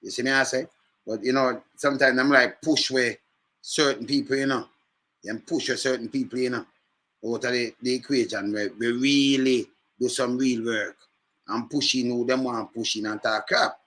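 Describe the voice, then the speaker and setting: A man chatting casually in patois, telling animated stories with lively jumps in pitch. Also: normal speed. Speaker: speaker in a reggae scene video.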